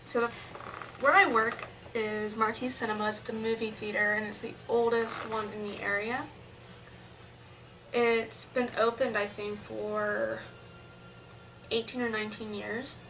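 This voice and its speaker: A young woman tells a long story to her camera, rambling and restarting as she goes. Her voice sits a little high and sounds bright. She is a bit far from the mic, with a faint hum behind her. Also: level tone, unhurried, long pauses. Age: young adult. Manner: chatty, rambling with restarts and asides. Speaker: vlogger.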